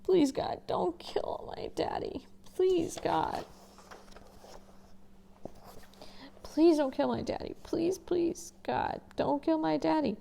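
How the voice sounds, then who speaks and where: A woman voicing a panicked teenage boy in a storybook reading, pleading in high, breathless whispers. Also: normal speed, gravelly, hardly any pauses, mellow, a little hiss or hum.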